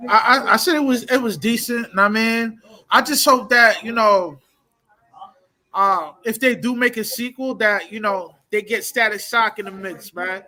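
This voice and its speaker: A man's voice: sits high, normal speed, bright, forceful tone. A man in casual podcast chat, hesitant, with stammered starts.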